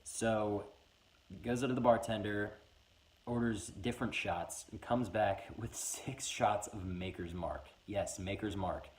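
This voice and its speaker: A man in his twenties telling a funny personal story in a casual, animated way, acting out voices as he goes. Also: on the low side, measured pace. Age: 20s. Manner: animated, acts out every voice in the story. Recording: echoey room.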